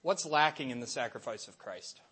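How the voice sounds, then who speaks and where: A middle-aged man, a Catholic catechist, giving a lively faith talk to an audience and acting out little voices in his stories. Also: mid-range voice, normal speed, breathy edge. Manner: animated storytelling, acts out voices and asides.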